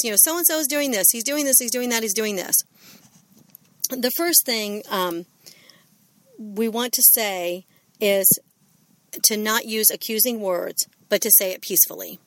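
A woman's voice: medium pitch, fairly bright tone, no room sound. A middle-aged woman giving a parenting talk, earnest and full of fillers and restarts. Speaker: parenting speaker.

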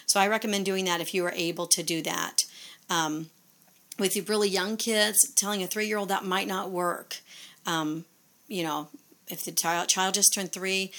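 A woman's voice: on the low side, steady tone, normal speed, a bit bright. A woman giving parenting advice in a casual instructional talk, conversational, with frequent fillers and rhetorical questions.

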